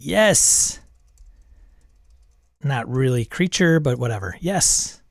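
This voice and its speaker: A man's voice: mid-range voice, animated, slow pace, gravelly, no room sound, clean studio sound. A man hosting, reading a text adventure aloud and reacting, wry and self-amused, chuckling at the game. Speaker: host.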